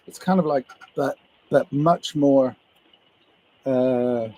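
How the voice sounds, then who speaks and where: A man rambles to his livestream viewers in an unhurried, drifting monologue. His voice is husky and mellow, and the pace stays slow and easy. He tosses in casual swearing as he muses. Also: mid-range voice, poor audio. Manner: meandering, musing, swears casually.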